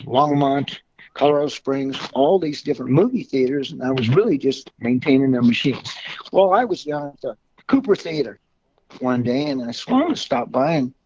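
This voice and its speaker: A man's voice: a little high, a little mellow, breathy edge, no room sound. A man in his sixties, a car club member, telling long rambling anecdotes in a folksy, casual way with mild swearing. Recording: dull lo-fi recording.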